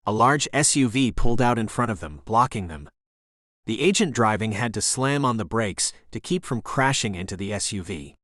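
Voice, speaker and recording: A man reading a thriller audiobook as narrator, in a steady storytelling voice. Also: lowish voice, dry recording, clean studio sound. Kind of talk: scripted narration.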